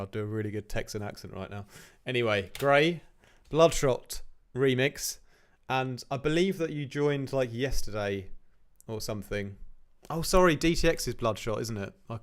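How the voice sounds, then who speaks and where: Encouraging man hosting a stream. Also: mid-range voice. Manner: encouraging, enthusiastic feedback; chatty, with frequent restarts. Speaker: livestream host reviewing remixes. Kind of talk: casual livestream commentary.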